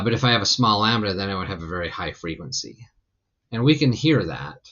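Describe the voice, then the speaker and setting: Male physics teacher, low voice, loose chatty lecture delivery with fillers. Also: muffled recording. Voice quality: gravelly when relaxed. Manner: loose, rambling explanation with many fillers. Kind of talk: recorded lecture.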